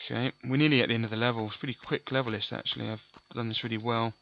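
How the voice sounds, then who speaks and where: A man's voice: medium pitch, fairly even intonation, rapid-fire, gravelly, lo-fi sound. A man giving chatty, offhand let's play commentary, often correcting himself. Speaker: gaming commentator.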